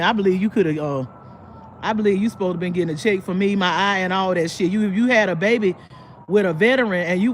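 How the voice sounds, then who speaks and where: A woman hosting her own livestream, telling a long story to her viewers in a blunt, profane, rambling way, full of restarts, and bursting into animated impressions of the people in it. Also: mid-range voice, brisk, slight background noise. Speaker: livestream host. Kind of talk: casual live storytelling to viewers.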